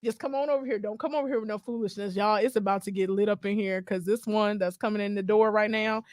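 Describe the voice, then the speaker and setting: A woman's voice: medium pitch, steady tone, quick pace, darkish tone, no room sound. A woman hosting a radio show, sassy and teasing in casual studio chat.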